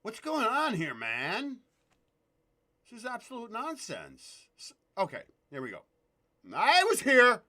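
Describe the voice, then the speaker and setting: A man's voice: very high-pitched, wildly swooping pitch, takes it slowly, pauses often, sharp tone. A man hosting a loose live show, joking, swearing and greeting viewers by name. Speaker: show host. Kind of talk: casual live-stream chat.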